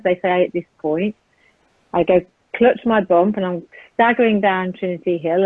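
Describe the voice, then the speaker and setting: A woman's voice: lowish voice, no room sound. British woman telling her story over a tinny phone line, earnest, lots of ums, dry sound. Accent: British English. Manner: earnest and vivid, many ums, present-tense retelling. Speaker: guest recounting a violent attack. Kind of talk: personal testimony in conversation.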